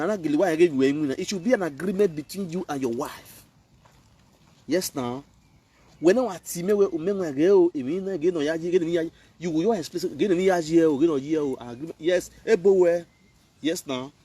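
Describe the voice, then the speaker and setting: High lively nigerian pidgin guy ranting on a live video, kinda husky, sounds far from the mic. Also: brisk, no room sound. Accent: Nigerian Pidgin English. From Benin, Nigeria. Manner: scolding, preachy, animated. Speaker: online commentator.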